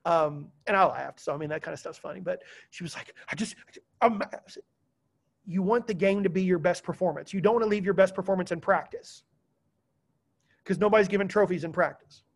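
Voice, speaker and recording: A man teaching a class, lecturing students in a lively, joking way and telling stories. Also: high voice, brisk, gravelly.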